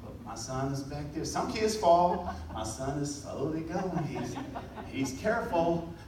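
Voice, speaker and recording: A man giving a motivational talk, telling a story with lively delivery and acting out the people in it. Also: a little high, unhurried, heavy reverb, recorded from a distance, noisy background. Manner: animated storytelling, acting out voices. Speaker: motivational speaker.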